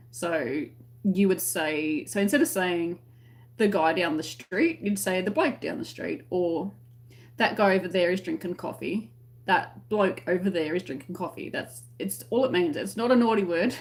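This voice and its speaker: A woman's voice: fairly low pitch, moderate pace. Chatty Australian woman hosting a livestream. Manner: chatty, giggly, explains slang to viewers. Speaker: crochet livestream host. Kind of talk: casual livestream chat reading comments.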